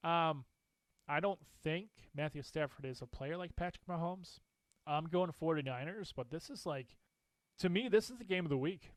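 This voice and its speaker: Opinionated man with a higher voice. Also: normal speed, dry recording. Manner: animated, opinionated, laughs often. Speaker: co-host. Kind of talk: casual sports talk.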